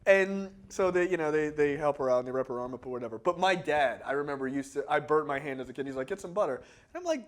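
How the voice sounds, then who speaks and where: Chatty man, slightly high voice. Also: quick pace, few pauses. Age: adult. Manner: rambling, goes off on tangents, laughs often; acts out other people's lines in quotes. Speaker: podcast co-host. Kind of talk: casual movie-review chat.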